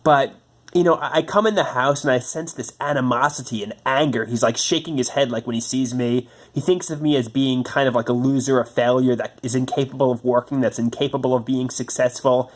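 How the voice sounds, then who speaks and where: A man's voice: medium pitch, steady tone. A man venting about his home life in a personal monologue, stammering through restarts and swearing often. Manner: halting, stammering restarts, frustrated. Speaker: vlogger.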